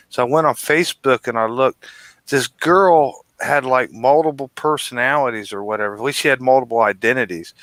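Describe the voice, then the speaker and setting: An older man with a bright, forceful voice complains about pesky callers on a podcast, cursing freely. The sound is close and dry. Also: mid-range voice, dry recording. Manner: gripes with heavy swearing. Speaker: podcast co-host. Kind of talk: casual chat.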